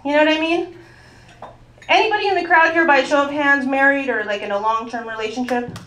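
A woman's voice: high-pitched, fast, fairly bright tone. A woman from Mexico performing a stand-up comedy set on a club stage, chatty and teasing the crowd. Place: comedy club stage before a live audience. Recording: echoey club with crowd laughter.

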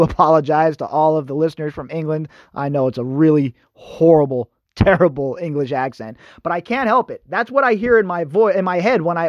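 A man's voice: on the high side, dry recording, dull audio. A man hosting a podcast, ranting indignantly in opinionated news commentary and addressing his listeners as folks. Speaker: podcast host.

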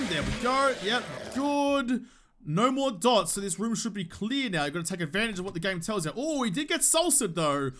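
High, lively Australian gamer. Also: male voice. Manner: animated, joking, talks to the game and himself. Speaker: gaming YouTuber. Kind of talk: casual gameplay commentary.

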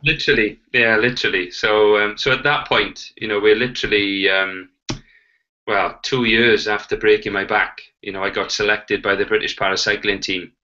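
Sex: man. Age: 40s. Origin: Wales. Role: interview guest. Style: animated storytelling with quoted dialogue. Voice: lowish, bright, forceful. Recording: dull, lo-fi. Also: normal speed. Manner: animated, acts out quoted dialogue, frequent "you know". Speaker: guest, Paralympic cyclist. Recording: dull lo-fi audio.

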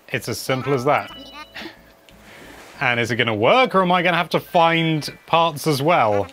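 A man's voice: mid-range voice, animated, normal speed, pushed and bright, soft background music. Wry man narrating gameplay. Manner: wry, chatty, hums while playing. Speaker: game video presenter. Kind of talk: casual gameplay commentary.

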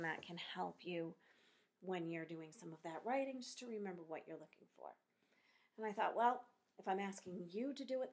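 A woman teacher giving a recorded phonics lesson to young pupils, speaking slowly and encouragingly as she spells out letters and sounds. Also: mid-range voice.

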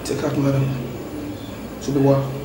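An actor playing an apologetic doctor who explains a diagnosis in a measured way. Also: male voice, medium pitch, monotone, reverberant, far from the mic, very noisy, close to an everyday voice. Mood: explaining. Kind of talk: Nollywood film acting.

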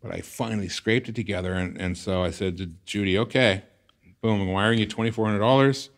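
A middle-aged man from the San Fernando Valley, a guest telling a story in an interview and acting out old conversations with big jumps in his voice. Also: fairly quick. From the San Fernando Valley, California. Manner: animated storyteller acting out past conversations, voice jumping high in excitement.

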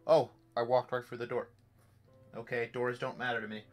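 A young streamer narrates a virtual reality horror game live, nervy and joking, cursing to himself while faint game music plays. He speaks at a normal speed in a medium-pitched, level tone.

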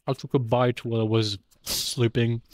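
A man's voice: medium pitch, little pitch movement, moderate pace, darkish tone, no echo. Profane, casual male game streamer. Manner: loose, profane, thinking aloud. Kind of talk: casual gameplay commentary.

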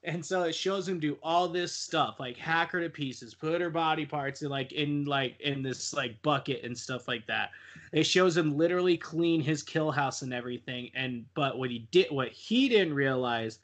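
A man's voice: fairly high pitch, moderate pace, fairly bright tone. A young man on a casual podcast, retelling a horror film in a rambling, profane way and laughing often. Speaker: podcast co-host.

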